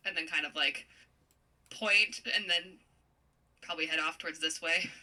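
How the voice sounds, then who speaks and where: A woman playing in a tabletop game, talking quickly and upbeat. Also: on the low side, bright, forceful tone, far from the mic, poor audio. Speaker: player. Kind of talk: casual tabletop play.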